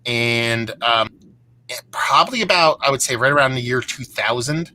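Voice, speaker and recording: A man's voice: mid-range voice, moderate pace, sharp tone, slight background noise. A man from Pennsylvania hosting a casual live beer chat, telling a long rambling story with plenty of restarts and swearing. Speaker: beer show host.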